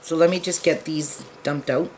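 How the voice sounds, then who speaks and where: Woman, lowish voice, casual beading lesson, chatty and self-mocking, slight background hiss. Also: fairly even intonation, moderate pace, darkish tone, low-quality recording. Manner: chatty, self-deprecating, talks to viewers while working. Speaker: beading tutorial host. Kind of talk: casual crafting tutorial.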